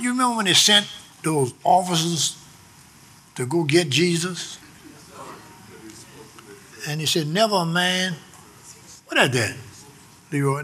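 Shouting older preacher, high voice. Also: male voice, husky. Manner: shouting, emphatic preaching with sudden soft drops. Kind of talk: sermon.

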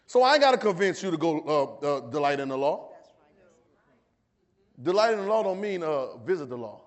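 Male preacher in the pulpit, high-pitched, fervent and repetitive, calls the congregation to answer back. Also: big pitch swings, moderate pace, long pauses. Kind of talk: sermon with call-and-response. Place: church service.

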